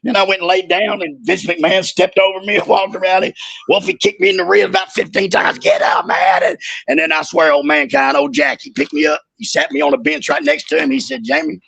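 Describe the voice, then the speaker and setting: Brief: middle-aged ex-wrestler, bright high voice with wide swings, profane rambling stories. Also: male voice, animated, brisk, gravelly, breathy edge. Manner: profane, laughing, rambling storyteller. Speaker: guest, former wrestler. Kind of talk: casual storytelling chat.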